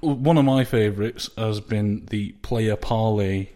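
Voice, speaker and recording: A man's voice: lowish voice, a little slow, dark tone. A man co-hosting a fan podcast, talking casually with hesitant restarts and careful explanations. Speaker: podcast co-host. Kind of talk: casual chat.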